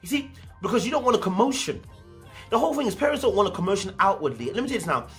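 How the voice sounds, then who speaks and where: A man with a London accent giving a casual, animated commentary as a show reviewer, slipping into slang and acting out parents. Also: high-pitched, very fast, faint music behind.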